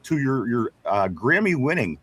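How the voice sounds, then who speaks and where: A man's voice: mid-range voice, sing-song, moderate pace, fairly bright tone, husky. A man hosting a casual sports talk show, reading viewer comments aloud with frequent chuckles and repeated words. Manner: chatty, stumbles and repeats words, chuckles often.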